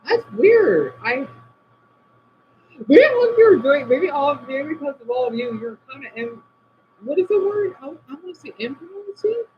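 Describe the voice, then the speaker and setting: A man talks casually to his live-stream viewers from home, his voice high and swinging widely in pitch. He answers comments one by one and lets his sentences drop away quietly. The audio is dull and lo-fi, with a faint background hiss. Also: sing-song, normal speed. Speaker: livestream host reading chat. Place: indoors at home by a window.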